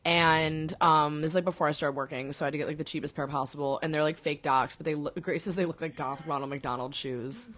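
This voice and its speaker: A woman's voice: low voice, fairly even intonation, fast, few pauses, a bit bright. A woman in her twenties co-hosting a podcast, chatting casually with lots of fillers and casual swearing. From United States. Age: 20s. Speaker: podcast co-host. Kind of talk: casual chat.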